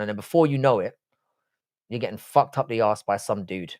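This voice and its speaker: A man's voice: lowish voice, a little fast, a little mellow. A man from Cork, hosting a livestream, reading viewer questions and answering them bluntly, with lots of swearing. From Cork, Ireland. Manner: blunt and heavily profane, shifting between jokes and asides. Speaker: livestream host.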